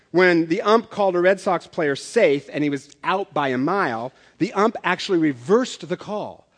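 A man preaching a sermon as pastor, telling stories in a conversational way with self-deprecating humor. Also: on the high side. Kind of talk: sermon with storytelling. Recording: long hall reverb.

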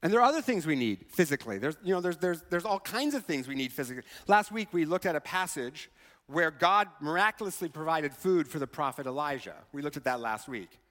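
Animated male pastor in a reverberant hall. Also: fairly high pitch, brisk. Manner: conversational, keeps asking "right?". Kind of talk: sermon.

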